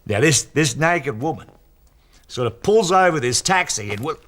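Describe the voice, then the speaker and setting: A man's voice: on the high side, lively intonation, normal speed, fairly bright tone. An actor in his sixties with an Australian accent, playing a retired working-class husband who tells long jokes, rambling and fumbling for words. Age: 60s. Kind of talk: scripted TV sitcom acting.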